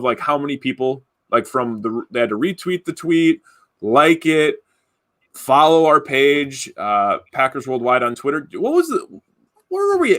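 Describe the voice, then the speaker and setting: A man hosts a casual live stream over a video call. His voice sits at an ordinary pitch. He talks in loose, rambling bursts, restarting sentences often. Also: a bit bright. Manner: rambling, many fillers and restarts. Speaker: podcast host running a giveaway.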